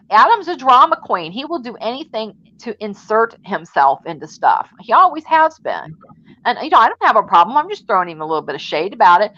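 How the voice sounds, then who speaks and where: A woman's voice: medium pitch, fairly bright tone, highs cut off. A woman hosting a livestream panel in a casual, gossipy chat, throwing shade and laughing often.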